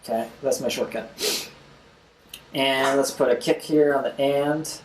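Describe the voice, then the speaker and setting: Young male tutorial host, relaxed and chatty, scats beats; roomy sound with faint ambience. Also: medium pitch, moderate pace, pauses often, noisy background. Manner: casual, talks while clicking, scats rhythms aloud. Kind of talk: screen-recorded software tutorial.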